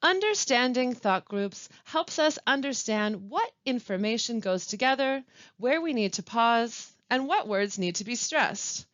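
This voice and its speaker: Lively-pitched woman teaching pronunciation. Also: dry recording. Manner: clear, deliberate teaching delivery with careful pauses. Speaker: language support specialist. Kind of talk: instructional webinar narration. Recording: dull, lo-fi dry voice-over.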